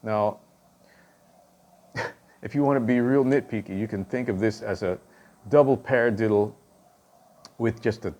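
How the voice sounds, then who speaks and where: Slightly slow and dark in tone, a fairly low male voice explains drumstick technique with frequent pauses. The instructor counts and calls out stickings aloud and follows each point with "okay?"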